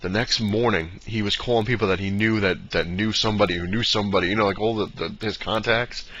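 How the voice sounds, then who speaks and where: A man's voice: on the low side, fairly even intonation, fairly quick, a bit bright. A man telling a long personal story in a casual, rambling way, full of fillers, slipping into short impressions of the people in it. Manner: rambling, fillers, mimics dad in quotes. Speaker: vlogger. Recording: dull lo-fi sound with faint noise.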